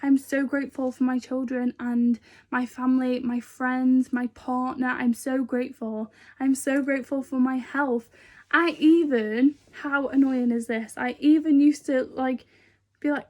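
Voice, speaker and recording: Woman vlogger, high voice, rambling and earnest, casual to-camera chat. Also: steady tone, moderate pace, darkish tone. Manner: chatty and rambling, many fillers.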